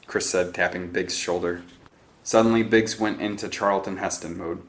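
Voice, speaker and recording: A man with a somewhat low voice reads an adventure novel aloud. His narration is steady and even, with scripted storytelling pacing. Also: moderate pace. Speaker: audiobook narrator.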